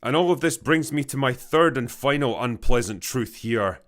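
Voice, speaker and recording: A man's voice: medium pitch, animated, normal speed. A man delivering scripted film commentary, blunt and profane. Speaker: film critic.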